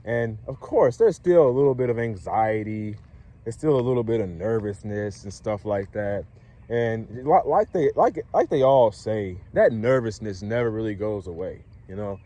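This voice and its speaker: A man, a dating coach, talking casually to camera in a relaxed way, chuckling often and checking in with the listener. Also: mid-range voice.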